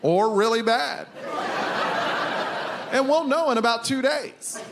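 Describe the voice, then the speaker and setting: A man playing a nervous male doctor who speaks hesitantly in a lowered voice. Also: slow, gravelly, full character voice. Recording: live stage recording with background noise.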